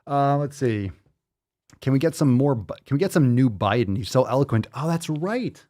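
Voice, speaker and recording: Animated, profane male podcast host. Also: mid-range voice, moderate pace. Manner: loud, profane, joking, animated. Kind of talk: casual profane live show.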